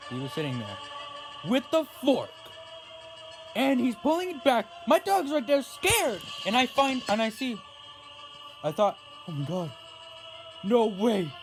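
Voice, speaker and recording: A young man telling a story on his vlog in a casual, rambling way, full of restarts and animated outbursts. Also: very high voice, measured pace, pauses often, over music. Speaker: vlogger.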